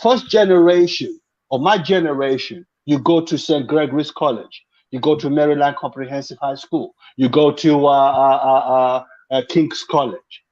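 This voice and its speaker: A man on a video call, his voice sitting a little high for a man and coming through dull and muffled. He explains things at length, restarting his sentences and filling gaps with "uh". The talk is casual and opinionated. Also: fairly even intonation, moderate pace, darkish tone. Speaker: panel guest. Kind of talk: casual panel chat.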